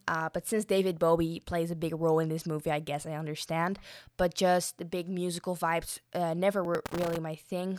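Chatty young woman with a low voice. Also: dry recording, studio quality. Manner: chatty, rambling, many fillers and frequent apologies. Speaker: podcast host reviewing a film. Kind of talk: casual solo podcast review.

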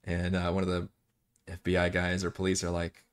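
A man's voice: deep voice, steady tone, moderate pace, a bit bright. A man acting as dungeon master, chatting casually and rambling during live-streamed game prep, often laughing and swearing.

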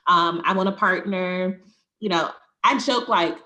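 A woman's voice: on the low side, a little slow, pushed and bright, highs cut off. A woman co-hosting a podcast, talking candidly and reflectively, often laughing. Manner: reflective, laughs often, acts out quoted voices. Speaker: podcast co-host. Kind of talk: candid conversational chat.

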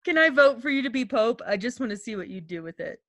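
Female co-host, casual chat, animated, laughs easily, slightly high. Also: fast, dry recording, studio quality. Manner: giggly, laughs often, rambling. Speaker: podcast co-host.

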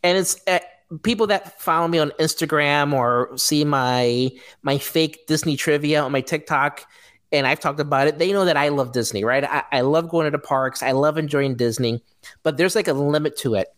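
A woman with a notably low voice holds forth on a casual podcast. She rants bluntly, cursing freely and mocking what annoys her. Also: normal speed. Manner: blunt, profane ranting. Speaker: podcast co-host. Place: Florida.

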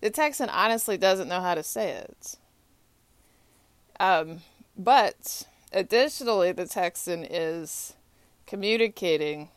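A young woman speaks slowly in a low, smooth voice, recorded dry and close. Her casual talk wanders and repeats itself, with many filler pauses. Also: expressive, no echo. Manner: rambling and repetitive, with frequent filler pauses. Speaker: hockey fan. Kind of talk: casual spoken monologue.

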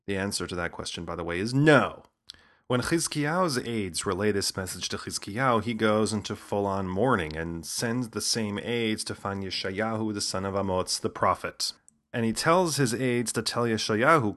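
A man's voice: on the low side, normal speed, fairly bright tone, faint music behind. A man giving humorous scripted narration, sliding in wry, casual asides.

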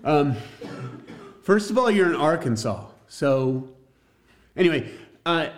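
A man's voice: on the high side, animated, slow pace. A man teaching a church class on evangelism, jokey and emphatic, talking straight to his listeners.

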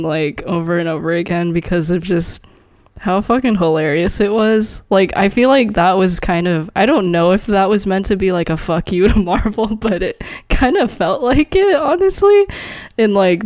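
A young woman at a mid pitch chats eagerly on a podcast. She swears casually, laughs between phrases, and strings thoughts together with "like." The sound is close and dry. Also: no room sound. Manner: animated, laughing, swearing, heavy use of "like". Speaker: podcast co-host. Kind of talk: casual chat.

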